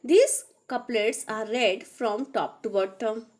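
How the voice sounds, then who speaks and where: A woman teacher with an Indian accent, reading out a recorded lecture slowly and deliberately. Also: on the high side, darkish tone. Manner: slow, deliberate reading of notes.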